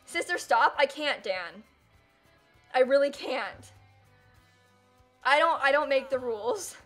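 A woman's voice: high voice, animated, takes it slowly, a bit bright, faint music behind. A young woman streaming live and chatting casually, who keeps dissolving into giggles and helpless laughter.

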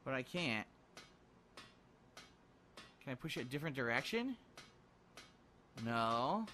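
Lively, bright-voiced frustrated gamer man. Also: mid-range voice, takes it slowly, a little hiss or hum. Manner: frustrated muttering with frequent swearing. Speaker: let's play gamer. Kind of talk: live gameplay commentary.

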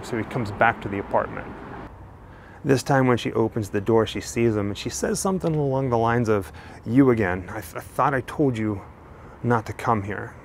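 A man hosting a true crime show, telling the story in a steady narrative style while walking outdoors on a residential street. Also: medium pitch, moderate pace, gravelly, slight background noise. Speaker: true crime channel host.

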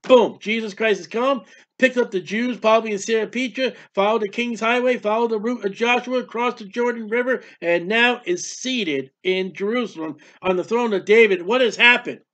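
A man's voice: high-pitched, normal speed, fairly bright tone, muffled recording. A man preaching a Bible teaching with fervent delivery, firing off rhetorical questions and declaiming scripture. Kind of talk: sermon-style Bible teaching.

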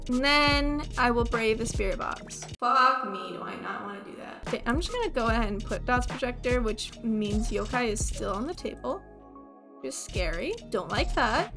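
A woman giving casual gameplay commentary, swearing a lot, jumpy, talking to the ghost and yelling at it. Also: on the high side. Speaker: streamer playing solo.

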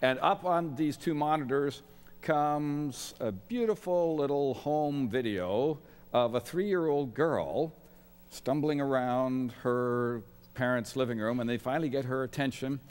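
A man's voice: medium pitch, measured pace, darkish tone, clear, resonant tone. A middle-aged man giving a sermon as a guest chapel speaker, with wry, self-deprecating humor. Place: large college chapel. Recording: long reverb of a large chapel.

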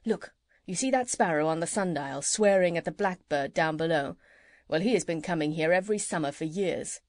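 Kindly male country doctor voiced by a woman, gentle, chatty, lowered voice, dry sound. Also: normal speed, no room sound, close to an everyday voice. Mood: fond, chatty.

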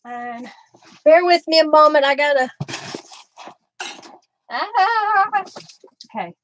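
Bubbly high-voiced woman crafting live. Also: expressive, slow, fairly bright tone, a little hiss or hum. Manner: friendly, talks to viewers by name while working. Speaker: craft live stream host. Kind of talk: chatty live crafting demo.

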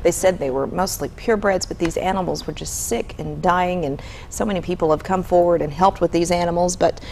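A woman's voice: on the low side, a little fast, vocal fry, a little mellow, slight background noise, rough recording. A woman hosting a morning TV pet segment, upbeat and leading with questions. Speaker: TV host. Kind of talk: TV morning show chat.

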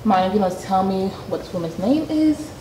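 A woman's voice: mid-range voice, animated, fairly quick, distant mic, natural voice. A woman voicing a betrayed wife who confronts her husband in a sarcastic, relentless way. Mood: confronting. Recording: echoey room, faint noise.

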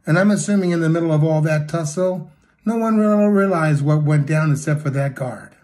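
With a brisk pace and a voice on the high side, a male preacher retells a story from the pulpit. He acts out the quotes and alternates between booming and hushed delivery.

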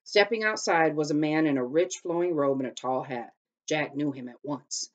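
Woman teacher, low voice, storybook read-aloud, steady careful reading. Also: moderate pace.

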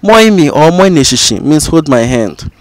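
Ghanaian guy teaching words, a bit high pitched, says everything slow a few times, dry close sound. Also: very animated, dry recording. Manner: repeats each phrase slowly several times. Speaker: language teacher. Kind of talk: spoken language lesson.

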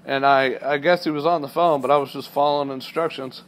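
A man's voice: medium pitch, steady tone, brisk, fairly bright tone. A man in his thirties from Kansas, retelling a workplace clash in a personal vlog, indignant and getting heated. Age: 30s. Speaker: truck driver trainee, vlogger.

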